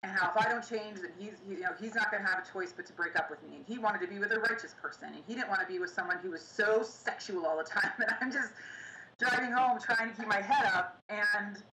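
Interview guest, woman, young, bright and forceful voice, halting delivery, roomy echo. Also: mid-range voice, slight background noise. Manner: halting, pausing often, recounting painful memories. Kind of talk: personal storytelling. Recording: echoey room with faint ambience.

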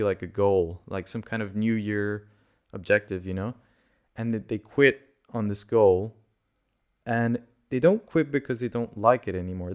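Man, lowish voice, native Portuguese speaker, slightly sick with a dry throat, loose self-correcting podcast chatter. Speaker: podcast host. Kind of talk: casual solo podcast talk.

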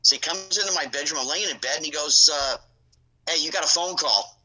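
Bright-voiced man telling a rambling story. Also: a little high, fairly quick, rough recording. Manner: rambling, full of asides and acted-out dialogue. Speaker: guest. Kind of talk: casual storytelling.

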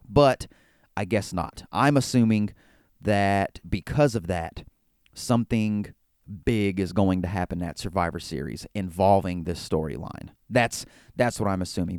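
A man's voice: fairly low pitch, darkish tone, clean tone, no room sound, clean studio sound. A man hosting a podcast, recapping events in a casual, joking way with frequent stammered repeats. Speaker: podcast host. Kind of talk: casual wrestling recap commentary.

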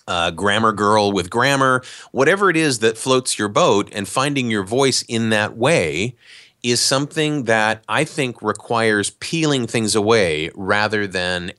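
A man, an actor and voice talent, explaining in a relaxed, conversational way during a podcast interview. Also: lowish voice, no room sound, studio quality. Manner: relaxed, explanatory, animated asides.

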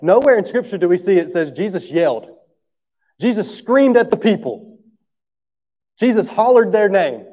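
A man's voice: sits high, sing-song, moderate pace, pauses often, mellow. A male pastor preaching a sermon in a church, talking to the congregation in an easy, conversational way, often checking in with "right?", and coughing now and then. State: coughing through the talk. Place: church sanctuary. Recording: dull sound with long hall reverb.

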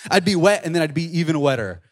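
A young man giving a casual youth sermon, animated and excitable, full of slang as he retells and reads a scripture passage. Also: a little high, fast. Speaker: youth pastor.

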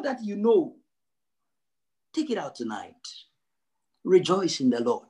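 A male pastor preaching a sermon, emphatic, repeating his phrases and swinging from low and quiet to high and loud. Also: very animated, slow, slightly rough. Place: church service.

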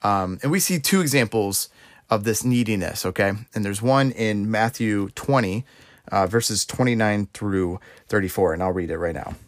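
A man's voice: fairly low pitch, normal speed, no echo, clean studio sound. A young man preaching an informal sermon in a loose, conversational way, often restarting his sentences. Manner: conversational, rambling, self-correcting, laughs while speaking.

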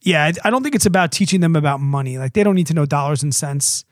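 A man's voice: fast, no echo. Chatty man on a dry podcast mic. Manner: chatty, acts out his toddler's lines in a squeaky voice. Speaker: podcast co-host. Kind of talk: casual podcast chat.

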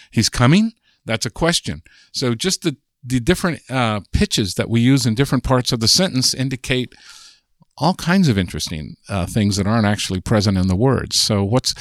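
A man's voice: medium pitch, no echo. Older american guy explaining language stuff, lots of ums, dry sound. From United States. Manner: thoughtful, chatty, many restarts and fillers. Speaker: linguist guest. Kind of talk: explaining in a podcast interview.

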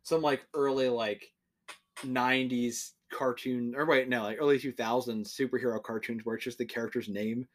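A young man co-hosting a podcast, chatting casually, swearing and laughing, with lively mock-shouted quotes. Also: mid-range voice, moderate pace. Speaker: podcast co-host. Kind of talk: casual chat.

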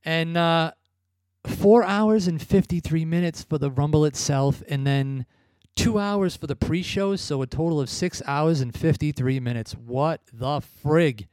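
A man's voice: fairly high pitch, measured pace, a little mellow, no room sound, clean studio sound. A man hosting a wrestling podcast in casual chat, laid-back, laughing and swearing now and then. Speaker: podcast host.

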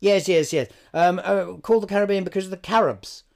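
A man co-hosting a comedy podcast, rambling through improvised chat with deadpan absurd asides and many ums. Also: high voice, a little fast, creaky.

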